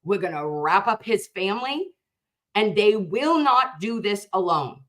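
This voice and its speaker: A woman's voice: medium pitch, big pitch swings, unhurried, a bit bright. A woman hosting a livestream, reading viewer comments aloud and speaking fervently, with emphatic repeated phrases.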